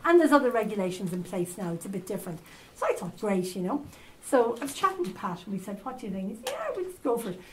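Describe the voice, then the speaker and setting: Older Irish woman telling lively anecdotes. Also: mid-range voice, quick pace, slight background noise, poor audio. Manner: lively anecdotal, with fillers and asides. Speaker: journalist speaker. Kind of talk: storytelling talk to a live audience. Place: conference hall at a castle hotel.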